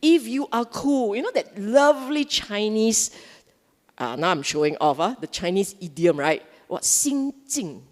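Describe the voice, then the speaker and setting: A woman with a Singaporean English accent giving a Buddhist dharma talk, animated and often asking her audience questions. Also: mid-range voice, a little slow, big-room sound. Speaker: Dhamma speaker. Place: Buddhist centre hall.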